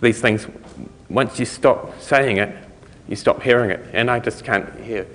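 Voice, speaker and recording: A man's voice: mid-range voice, a little slow, fairly bright tone. A man with a New Zealand accent giving a conference talk in a loose, rambling way, with many fillers, restarts and chuckling asides. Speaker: conference speaker. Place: lecture hall. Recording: lecture hall with long reverb.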